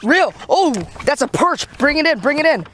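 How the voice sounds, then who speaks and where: A man's voice: extremely high pitch, lively intonation, moderate pace, sharp tone, slight background noise. A man hosting a casual fishing vlog, talking outdoors from a small boat on a lake into an action camera and cheering on his fishing partner. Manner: upbeat, coaching a companion as fish come in. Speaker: fishing channel host. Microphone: action camera mounted on or near him.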